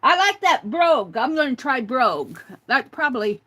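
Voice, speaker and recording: A woman's voice: sits high, sing-song, normal speed, pushed and bright. A woman hosting a casual livestream, chatting with viewers, reading their comments aloud and spelling out words letter by letter. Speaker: livestream host.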